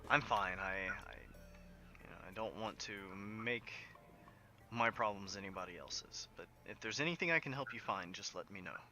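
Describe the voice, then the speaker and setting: A man voicing a grieving, weary female shopkeeper who speaks politely and hesitantly, with halting restarts. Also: lowish voice, bright, forceful tone. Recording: background music under the voice.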